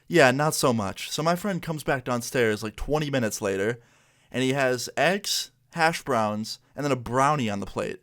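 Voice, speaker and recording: A man's voice: mid-range voice, lively intonation, normal speed, fairly bright tone. A young man casually telling a story in a laid-back, slangy way, full of "like" and "you know.". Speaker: vlogger.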